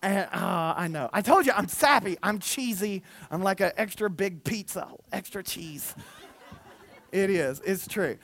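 A man, preaching a sermon as pastor, lively and self-mocking. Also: sits high, unhurried, no room sound. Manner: animated, self-mocking, with put-on quotes of listeners. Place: church.

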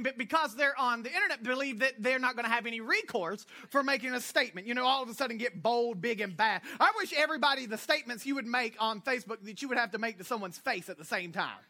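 A woman from Florida preaching a sermon, blunt and animated with scolding asides. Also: fairly high pitch. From Florida, United States. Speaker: pastor.

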